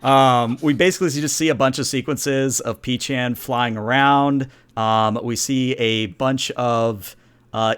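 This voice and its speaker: A man's voice: medium pitch, smooth. A man running a tabletop game as game master, narrating in a casual, rambling way. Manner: casual, rambling, many fillers.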